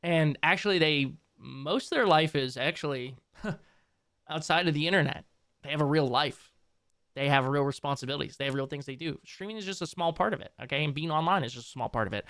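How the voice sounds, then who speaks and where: A man live-streaming reacts to a clip and talks to his chat, rambling, swearing, and jumping between the two in casual commentary. His voice is fairly high, animated, fast, pushed and bright, recorded at studio quality with no room sound.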